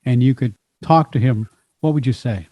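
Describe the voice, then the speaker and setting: A man hosting an interview, asking measured, curious questions of his guest. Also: mid-range voice, no echo, lo-fi sound. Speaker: interviewer host.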